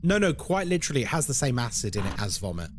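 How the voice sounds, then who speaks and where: A young man from Britain with a medium-pitched voice talks quickly over a noisy background. Streaming horror games, he chats casually and animatedly in British English, reading chat aloud and responding.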